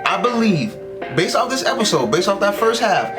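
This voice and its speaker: Excitable man reacting over loud hip hop. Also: high-pitched, moderate pace. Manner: animated and emphatic, constantly says bro. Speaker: anime reaction host. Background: loud hip hop music.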